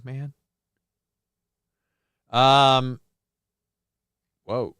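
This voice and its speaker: Profane, animated man ranting on his show. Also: a little high, normal speed, clean tone, no room sound, studio quality. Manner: profane, heated, sarcastic. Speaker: host of a live call-in show. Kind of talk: ranting reaction commentary.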